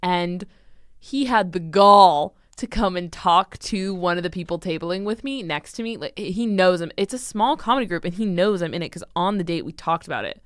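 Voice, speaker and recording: A woman's voice: on the low side, normal speed, smooth, dry recording. A young woman co-hosting a podcast, telling stories in casual chat and acting out the dialogue, recorded on a close mic. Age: young adult. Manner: animated storytelling, acting out quoted dialogue. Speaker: podcast co-host.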